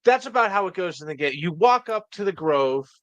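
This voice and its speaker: A man's voice: high voice, lively intonation, brisk, dry recording. A man guest in a casual chat, eagerly explaining and tripping over his words. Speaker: fan editor, guest.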